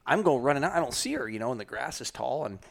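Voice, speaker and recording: A man's voice: mid-range voice, very animated, fast, creaky, crowd noise. A man casually telling a long story on a podcast, rambling with lots of fillers and restarts. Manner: rambling, many fillers and restarts, laughs often. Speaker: hunting guide telling a story.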